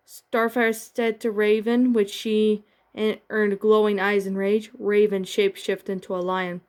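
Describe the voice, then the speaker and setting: Woman reading fan fiction haltingly. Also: medium pitch, flat delivery, darkish tone, clear, resonant tone. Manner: plain, halting reading with restarts. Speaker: narrator.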